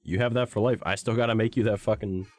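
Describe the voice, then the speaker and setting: A man's voice: fairly low pitch, fairly even intonation, fast talker, darkish tone, dry recording. A man streaming and chatting casually with friends in a social VR game, joking crudely and swearing freely.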